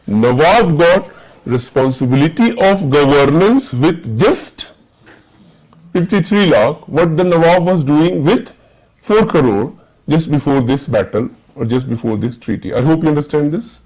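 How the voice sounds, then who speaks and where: A man's voice: a little high, animated, a little slow, darkish tone, rough recording. A man with an Indian accent, teaching a classroom lecture and often asking the students whether they are following. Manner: checks understanding with repeated questions.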